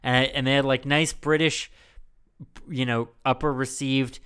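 Male podcast host, jokey, clear tone, meandering. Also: medium pitch, flat delivery, normal speed, a bit bright. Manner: rambling, jokey, many fillers. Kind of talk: casual podcast chat.

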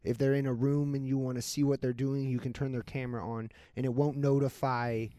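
A man's voice: mid-range voice, flat delivery, a little fast, mellow, dry recording. A man explaining something in casual chat as a podcast co-host, rambling, with frequent joking asides.

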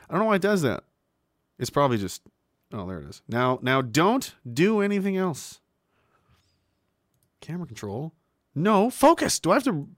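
A man's voice: high voice, big pitch swings, moderate pace, long pauses, fairly bright tone, no room sound, clean studio sound. A man hosting a casual stream, cursing freely, laughing a lot and reading out viewers' messages at home. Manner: crude, swears freely, laughs often. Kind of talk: casual chat. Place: home setup with a webcam.

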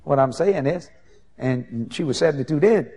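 A man preaching a sermon as an evangelist, telling folksy anecdotes in an animated way. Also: a little high, moderate pace. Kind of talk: sermon storytelling.

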